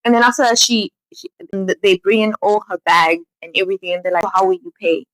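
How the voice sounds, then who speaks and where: A young woman in a casual, animated show recap, full of "like". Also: mid-range voice, fast, no echo, low-quality recording. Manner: animated storytelling, lots of "like". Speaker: vlogger.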